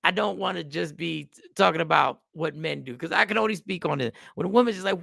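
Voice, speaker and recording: A man's voice: on the high side, fast talker, gravelly, hardly any pauses, bright, forceful tone, no room sound, clean studio sound. A man hosting a talk show, giving emphatic casual commentary straight to his viewers.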